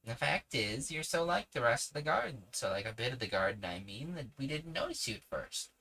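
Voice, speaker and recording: A man voicing a gentle, ragged woodland tramp who speaks in a slow drawl, in a storybook reading. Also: medium pitch, very animated, gravelly, heavily acted.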